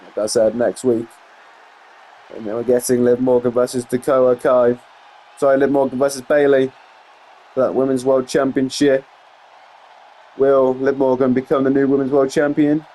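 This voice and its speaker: A man giving play-by-play commentary over a wrestling video game, getting excited on big moves and rambling into asides full of fillers. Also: mid-range voice, moderate pace, long pauses. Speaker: gameplay commentator.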